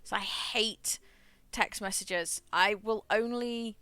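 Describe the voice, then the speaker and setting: A woman's voice: medium pitch, slow, sharp tone, clear, resonant tone. A woman streaming a game, chatting frankly, swearing freely and laughing often. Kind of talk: casual chat while gaming.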